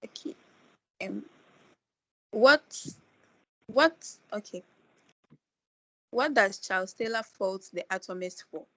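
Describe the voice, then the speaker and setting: A woman's voice: medium pitch, expressive, slow pace, pauses often, dry recording, low-quality recording. A woman student reads quiz questions aloud over a video call, going through each lettered option with small hesitations. The sound is dry, with no room around it.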